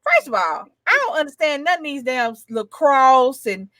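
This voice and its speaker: A woman's voice: sits high, very animated, normal speed, fairly bright tone, no room sound, studio quality. A woman from Alabama co-hosting a casual chat, joking and bantering animatedly. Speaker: co-host.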